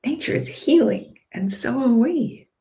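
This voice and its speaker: A woman leading a guided visualization in a drifting, playful way, moving between calm imagery and casual swearing. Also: a little high, a little slow. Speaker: meditation guide.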